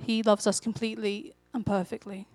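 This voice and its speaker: A woman preaching a sermon in a conversational storytelling manner, growing animated when she acts out quotes. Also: mid-range voice, brisk, no room sound.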